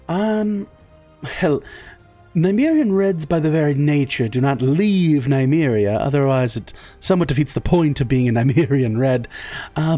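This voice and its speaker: A man voicing a polished, formal waiter in a tabletop game, with courteous, drawn-out sales patter. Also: medium pitch, dark tone, close to an everyday voice. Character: polished, formal male fine-dining waiter.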